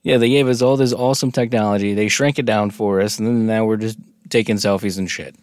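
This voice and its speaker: A man co-hosting a casual podcast, reading from notes with halting restarts and cracking jokes. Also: on the low side, fairly even intonation, a little mellow, no room sound, studio quality. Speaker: podcast co-host. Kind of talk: casual conversational podcast chat.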